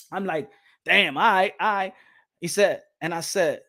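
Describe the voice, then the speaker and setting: A man telling an animated story, emphatic and repetitive, acting out quotes loudly. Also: high-pitched, normal speed. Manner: emphatic, repeats phrases, acts out quotes loudly. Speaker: boxing podcast host.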